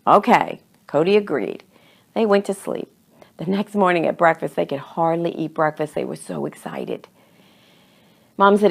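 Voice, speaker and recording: A woman reading a children's story aloud in an expressive, dramatic way. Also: on the low side, normal speed, vocal fry.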